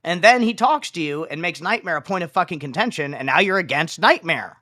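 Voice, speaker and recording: A man's voice: a little high, expressive, a little fast, sharp tone. A man on a live stream giving blunt, profane opinions. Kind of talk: livestream talk.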